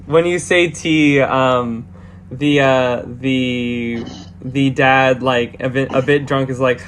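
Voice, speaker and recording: Man, game master, slow and hesitant narration, faint hum behind. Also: mid-range voice, steady tone, fairly bright tone. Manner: halting, full of fillers and restarts.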